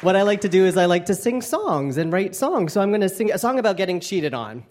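A fast-talking man with a high-pitched, very animated voice performs a comedy set onstage at a club. Before a live audience, he teases himself playfully and laughs through his lines, backed by audience laughter and the noise of the room.

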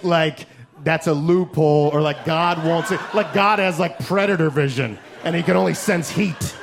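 A young man doing a crude, fast stand-up comedy set, yelling punchlines and laughing along. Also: a little high. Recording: live club, loud crowd and noise.

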